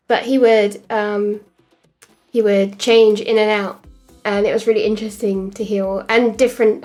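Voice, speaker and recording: A woman's voice: mid-range voice, a little mellow. A young woman chatting casually on a livestream while she animates, rambling and giggling, with lots of fillers and self-corrections. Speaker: streamer animator.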